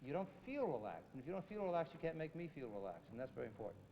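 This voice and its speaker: Casual: animated guy coaching a rehearsal, sings out rhythms, dull echoey 70s film audio with music going. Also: fairly high pitch, racing, slight background noise. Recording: dull 1970s film sound in a reverberant hall. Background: music playing.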